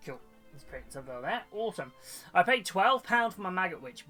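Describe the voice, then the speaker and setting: A hobby streamer and model kit seller talks casually on a live stream while assembling models, with faint music behind him. His voice sits high, swinging widely in pitch, a little fast, pushed and bright, and he rambles with many fillers and restarts.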